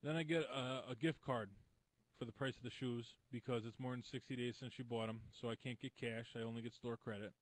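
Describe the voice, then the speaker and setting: A man in the middle of a casual story, blunt and wry, swearing freely. His voice sits at an ordinary pitch. He tells it like a regular on a comedy talk show. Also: steady tone, a little fast, poor audio.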